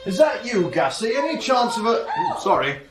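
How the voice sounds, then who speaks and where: Flustered posh young gent, lively swoopy voice, noisy radio comedy. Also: male voice, high-pitched, moderate pace. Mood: chatty. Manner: flustered, exclamatory, chatty. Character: affable, flustered young male English gentleman. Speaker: bumbling young gentleman.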